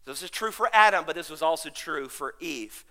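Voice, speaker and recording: A male pastor delivering a sermon, his voice pitched high and ringing bright. He stretches key phrases out slowly and then jumps into loud, shouted peaks. He sounds middle-aged and fully at ease at the pulpit. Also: lively intonation. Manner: preaching with sudden shouted peaks and slow drawn-out emphasis.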